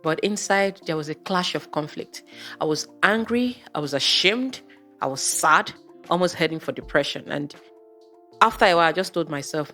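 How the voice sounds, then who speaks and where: Woman vlogger, low voice, chatty and exasperated, faint music underneath. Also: animated, moderate pace, sharp tone. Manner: chatty, exasperated, rhetorical questions. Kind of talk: casual storytelling monologue.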